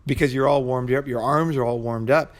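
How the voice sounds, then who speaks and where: A man's voice: mid-range voice, steady tone, brisk. A man vlogging a casual, rambling personal story, swearing freely and checking in with "you know" and "right?". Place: Bangkok.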